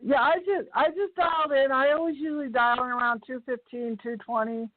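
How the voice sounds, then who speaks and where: A woman's voice: sits high, steady tone, a little fast, dry recording. Plain-spoken woman healer on a phone line. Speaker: guest, spiritual healer. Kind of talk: casual call-in chat.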